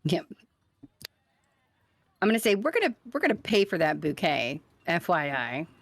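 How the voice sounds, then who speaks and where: A woman's voice: lowish voice, very animated, normal speed, creaky, dry recording. Playful woman player, dry close sound. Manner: cheerful, playful, giggly. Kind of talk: tabletop game play.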